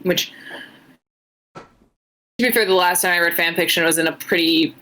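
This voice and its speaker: Tipsy woman, bright and rambling. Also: fairly low pitch, level tone, moderate pace. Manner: rambling, uses "like" a lot. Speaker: podcast co-host. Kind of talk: casual chat.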